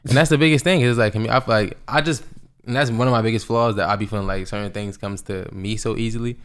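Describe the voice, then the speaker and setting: Male podcast co-host, rapid and low-pitched, animated slangy storyteller. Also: clean tone. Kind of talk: casual chat.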